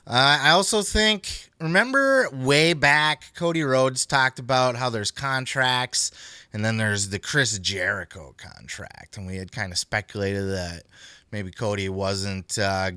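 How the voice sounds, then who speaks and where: A man's voice: on the low side, clear, resonant tone, dry recording, studio quality. A man hosting a podcast in casual, rambling chat that is peppered with swearing. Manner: profane, rambling, animated. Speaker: podcast host.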